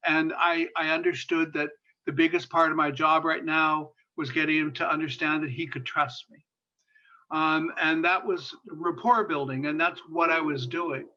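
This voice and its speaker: A man's voice: fairly high pitch, steady tone, normal speed, sharp tone. A man giving a lecture as a guest speaker, telling a story with passion, repeating phrases for emphasis and using many fillers. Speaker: guest speaker on sexuality and disability. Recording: dull lo-fi sound.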